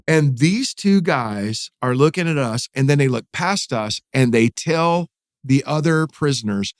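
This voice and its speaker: Animated pastor telling a story. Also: male voice, normal speed, no room sound, studio quality. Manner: animated, acts out quotes with rising pitch. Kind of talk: storytelling in a podcast interview.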